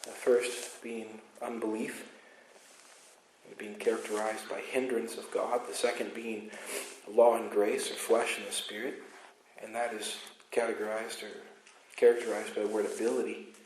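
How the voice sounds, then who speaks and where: A man's voice: lowish voice, level tone, moderate pace, slight background noise. Emphatic male pastor in an echoey church. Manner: emphatic, swings between loud insistence and quiet asides. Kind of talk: sermon. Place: church sanctuary.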